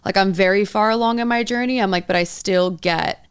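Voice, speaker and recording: A woman's voice: mid-range voice, fairly quick, clear, resonant tone. A young woman co-hosting a podcast as a coach, talking in an earnest, rambling way full of "like". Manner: earnest, rambling, heavy use of "like". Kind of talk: casual chat.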